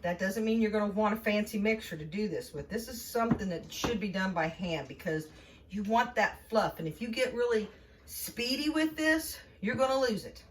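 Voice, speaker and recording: A woman's voice: mid-range voice, lively intonation, normal speed, distant mic, a little hiss or hum. A middle-aged woman giving a casual home cooking demonstration in her kitchen, chatty and folksy, laughing often.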